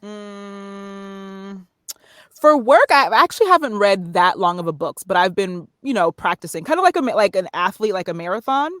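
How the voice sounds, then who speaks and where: Woman guest, voiceover artist, halting and reflective, dry close sound. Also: mid-range voice, expressive, a bit bright, dry recording. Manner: thoughtful, halting, many fillers. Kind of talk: casual podcast interview.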